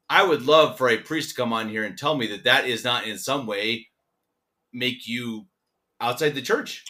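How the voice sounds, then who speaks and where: Lively, bright-voiced man ranting. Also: mid-range voice, normal speed. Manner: animated, emphatic ranting; repeats words when worked up. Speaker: podcast co-host. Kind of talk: casual chat.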